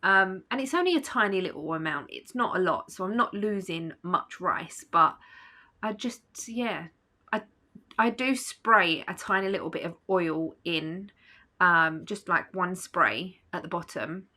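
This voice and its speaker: A woman's voice: fairly low pitch, unhurried, pushed and bright. A woman vlogging at home in a casual, rambling chat, sleepy and yawning. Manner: chatty, rambling, with fillers and small laughs.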